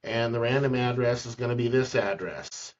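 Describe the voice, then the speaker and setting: A real estate agent walks a colleague through a screen-recorded tutorial in an office room, chatting, joking and repeating words along the way. His voice is medium-pitched and steady at a moderate pace. The screen-recording audio is dull and distant.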